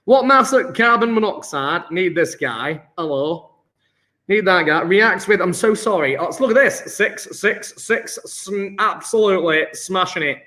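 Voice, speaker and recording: Male chemistry tutor, high voice, chatty and upbeat, talks through the working live and cheers the class on. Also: lively intonation, a little slow, pushed and bright. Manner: upbeat, chatty, praising students as he works sums aloud. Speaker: chemistry teacher. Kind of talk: live online exam-prep lesson.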